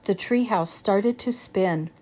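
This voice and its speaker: A woman reading a children's chapter book aloud in a steady storytelling manner. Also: mid-range voice, slow. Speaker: reader.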